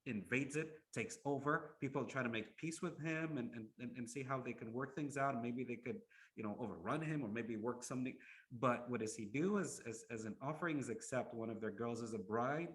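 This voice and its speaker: Male lecturer, storyteller, mid-pitched, stop-start repetitions, rhetorical questions to the audience. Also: fairly bright tone. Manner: repeats words, asks rhetorical questions. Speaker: Islamic lecturer.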